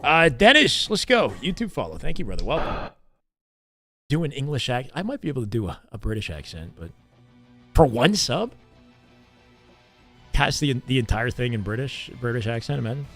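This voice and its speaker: A man's voice: medium pitch, big pitch swings, normal speed, long pauses, bright, forceful tone, soft background music. A young man from Canada, casually commentating game scrims on a live stream and reading chat in a laid-back, chatty way.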